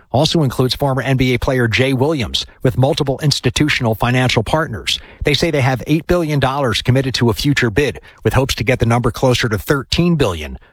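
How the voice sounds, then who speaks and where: A man with a husky voice reading a sports news report. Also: mid-range voice, no room sound.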